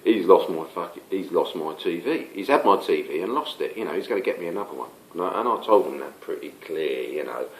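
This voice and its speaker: A man's voice: sits low, animated, brisk, few pauses. An older man, rambling through a casual spoken anecdote with plenty of fillers and restarts. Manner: rambling, stop-start, many fillers. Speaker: storyteller. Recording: roomy echo.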